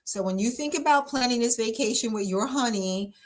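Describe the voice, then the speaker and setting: A woman's voice: fairly high pitch, fairly quick. A woman pastor talking casually about relationships, chatty and emphatic, with lots of fillers and easy laughter. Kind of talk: casual relationship advice talk.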